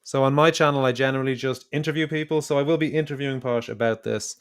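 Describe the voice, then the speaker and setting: Smooth-voiced Irish man chatting casually. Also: mid-range voice, fairly even intonation, fast talker. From Ireland. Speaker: podcast co-host. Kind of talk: casual chat.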